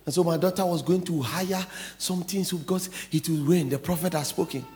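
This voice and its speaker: A middle-aged man, a pastor with a Ghanaian English accent, preaching a sermon, swinging from quiet asides to loud declarations. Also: fairly high pitch, brisk.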